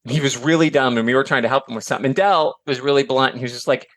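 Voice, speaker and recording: A middle-aged man from Michigan chatting as a podcast guest, animated and filler-heavy, slipping into voices for quotes. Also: mid-range voice, rapid-fire, no room sound. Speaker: podcast guest, author and educator. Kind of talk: casual chat.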